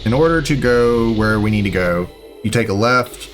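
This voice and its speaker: A man's voice: on the low side, expressive, moderate pace, soft background music. A man recording a let's play, casually talking viewers through the route with rambling, self-correcting directions. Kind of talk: casual gameplay commentary, walkthrough guide.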